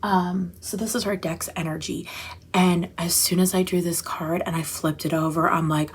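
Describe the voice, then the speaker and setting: A woman's voice: fairly low pitch, steady tone, normal speed, breathy edge. A woman hosting a casual tarot chat, gushing and rambling, often breaking off mid-thought. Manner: gushing, chatty, rambling with self-interruptions. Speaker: tarot channel host.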